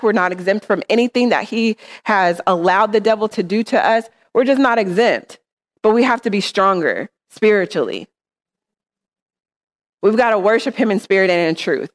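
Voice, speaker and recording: Woman preacher, earnest, conversational, mid pitch, church sermon. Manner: conversational, earnest, checks in with "right?".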